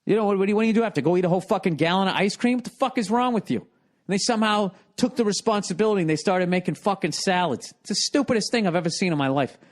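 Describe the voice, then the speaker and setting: A man's voice: high-pitched, rapid-fire. Profane, exasperated man ranting a story. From United States. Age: 40s. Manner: profane, rambling and exasperated, with frequent swearing. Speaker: comedian and podcast host. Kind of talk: comedic podcast storytelling rant.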